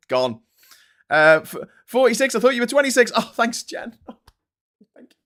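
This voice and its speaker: A man's voice: very high-pitched, very animated, normal speed, long pauses, a bit bright. A man in his forties with a Scouse accent, hosting a casual live-stream and ranting with heavy swearing. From Liverpool, England. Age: 40s. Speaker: host.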